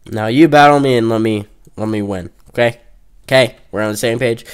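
A man's voice: medium pitch, brisk, clean tone. A young man giving casual, goofy gameplay commentary, trash-talking opponents and joking around. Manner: goofy, trash-talking, breaks into off-key singing.

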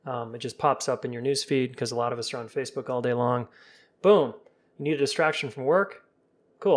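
A man coaching on relationships in a relaxed, casual live-stream chat, talking straight to viewers and softening his voice when he acts out calm sample talks. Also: mid-range voice.

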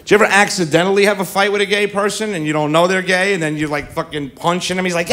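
A man's voice: sits high, fairly even intonation, fast, hardly any pauses, fairly bright tone, a little hiss or hum. A middle-aged man doing a stand-up comedy set on a club stage, brash and profane, baiting the crowd into a handheld mic.

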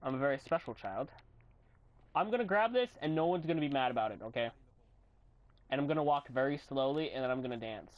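A young man giving rambling, goofy commentary while recording his own game, often bursting into yells and silly voices. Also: medium pitch, expressive, brisk, long pauses, dry recording. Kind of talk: gameplay commentary.

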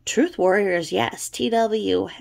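A woman's voice: medium pitch, slow, gravelly, darkish tone. A woman talking casually to her viewers, blunt and rambling, with frequent swearing. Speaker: YouTube creator.

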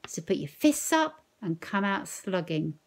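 A woman's voice: fairly low pitch, very animated, measured pace, vocal fry, heavily acted. A woman reading a novel aloud, voicing an elderly grandmother who speaks earnestly and coaxingly. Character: elderly grandmother, gentle but firm.

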